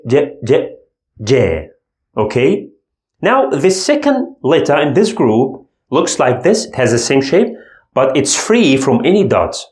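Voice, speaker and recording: Slow, lively man teaching letter sounds. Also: medium pitch, roomy sound. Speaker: Arabic teacher. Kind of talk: language lesson.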